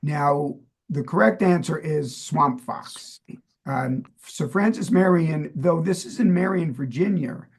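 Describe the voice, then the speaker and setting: Man, New York accent, casual co-host, raspy, rather high pitch. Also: slow. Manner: quizzing, playful and chatty. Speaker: podcast co-host. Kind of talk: casual chat.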